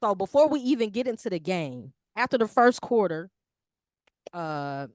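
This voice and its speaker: Woman co-host, animated casual sports talk, slangy, dry close sound. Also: mid-range voice, normal speed, no room sound. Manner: animated, slangy, lively talk about basketball. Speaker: podcast co-host.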